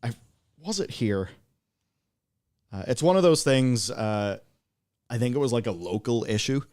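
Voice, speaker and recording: A man's voice: medium pitch, lively intonation, a little slow, darkish tone. A man, co-hosting a livestream in casual, rambling, sardonic chat full of fillers. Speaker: livestream co-host.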